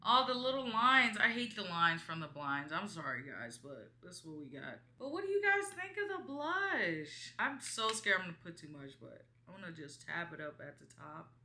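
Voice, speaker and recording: Bright, chatty young woman in a roomy room. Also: fairly low pitch, normal speed, few pauses. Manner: chatty, rambling, lively asides to viewers. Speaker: beauty vlogger. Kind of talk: casual storytime chat while doing makeup. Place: small room at home by a window with blinds. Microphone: camera in front of her.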